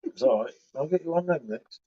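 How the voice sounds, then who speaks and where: A man swapping laddish, sweary banter over a beer on a livestream. His voice sits a little high for a man. The audio is dull and lo-fi. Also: lively intonation, brisk, husky. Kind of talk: casual chat.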